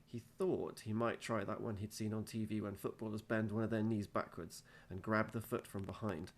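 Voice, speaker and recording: A male teacher reads a children's storybook aloud at an easy pace. His voice sits low, with a gravelly rasp. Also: steady tone, normal speed.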